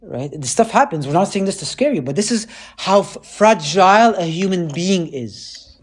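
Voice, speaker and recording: A man, a priest, preaching in a casual, animated way and often checking in with his listeners. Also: high voice, normal speed, breathy edge. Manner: animated, keeps asking listeners "right?". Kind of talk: conversational sermon.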